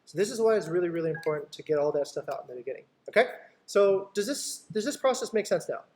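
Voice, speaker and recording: Man, higher voice, lively coach who acts out client talks and keeps checking in with his team. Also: fast, a little hiss or hum. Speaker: company CEO training his sales team. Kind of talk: sales training in an online video meeting.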